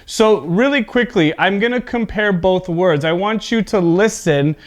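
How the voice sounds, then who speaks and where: A man teaching an online English pronunciation lesson, explaining slowly and deliberately, repeating example words with exaggerated stress and checking in with "okay?". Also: high-pitched.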